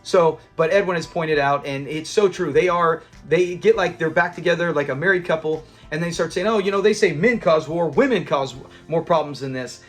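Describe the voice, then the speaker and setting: A man hosting a review channel, casually recapping a sitcom episode, animated and acting out the characters' lines with bursts of laughter. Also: on the high side, brisk, hardly any pauses, faint music behind. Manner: animated, acts out quoted lines and laughs while retelling.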